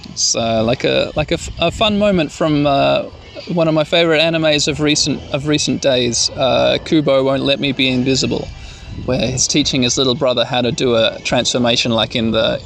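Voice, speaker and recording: A man's voice: medium pitch, steady tone, moderate pace, gravelly, fairly bright tone, faint music behind. A man hosting a casual bedtime podcast, playfully recapping a cartoon and acting out bits of the characters' lines. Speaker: podcast host.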